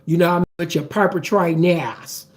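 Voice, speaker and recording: A man's voice: fairly high pitch, a little fast, pitched below the performer's own voice, lightly acted. A man voicing a tall, brash woman who jeers crudely and mockingly at a man. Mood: taunting. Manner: mocking, vulgar, repetitive jeering.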